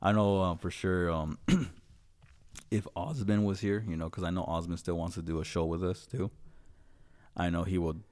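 Low-voiced male podcast host, loose and profane, quick to laugh. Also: fairly even intonation, a little mellow. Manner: profane, rambling, laughs often. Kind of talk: casual chat.

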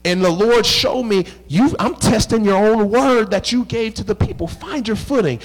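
A man preaching in a church, his voice pitched high for a man. He tells a long personal story in a lively, conversational way, slipping into the voices of the people in it. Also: moderate pace, hardly any pauses. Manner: animated, conversational, acts out dialogue. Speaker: pastor. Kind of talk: storytelling sermon. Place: church sanctuary.

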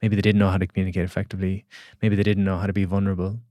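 Guy on a podcast mic, earnest and halting, lowish voice, dry sound. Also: flat delivery, dark tone, no echo. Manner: earnest, halting with repeated words. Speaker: podcast guest, coach. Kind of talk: reflective storytelling.

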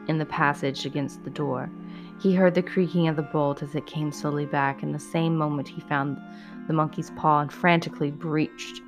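Low-voiced woman reading a spooky tale. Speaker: storyteller. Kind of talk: read-aloud horror story narration.

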